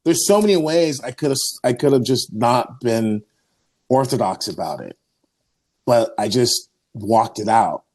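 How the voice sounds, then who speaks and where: An Orthodox priest and podcast host, a man with a medium-pitched, expressive, darkish voice, tells a rambling story at a measured pace during casual chat. He leans on lots of fillers and performs the quoted voices.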